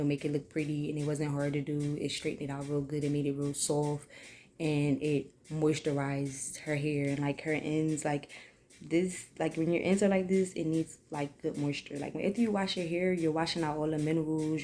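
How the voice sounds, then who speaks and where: A woman's voice: low voice, warm tone, slight background noise. A young woman chatting casually through a hair tutorial, rambling with lots of fillers. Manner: rambling, filler-heavy, earnest. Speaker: hair vlogger.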